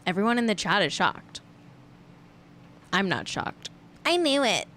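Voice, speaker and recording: A woman's voice: mid-range voice, sing-song, a little slow, fairly bright tone. Woman host rambling thru celeb gossip, chatty, keeps correcting herself, faint noise behind. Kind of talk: casual livestream chat.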